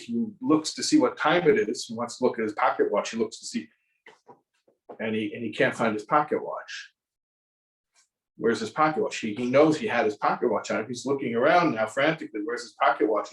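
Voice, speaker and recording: A man teaching as a rabbi in an animated sermon-style lecture, repeating words and restarting often as he tells a story. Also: medium pitch. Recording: roomy sound from a distance.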